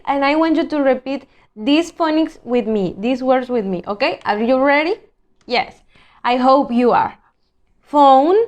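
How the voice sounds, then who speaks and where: Slow, high-voiced woman teaching children. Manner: slow, clear, patient classroom delivery. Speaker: English teacher. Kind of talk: recorded online lesson for children.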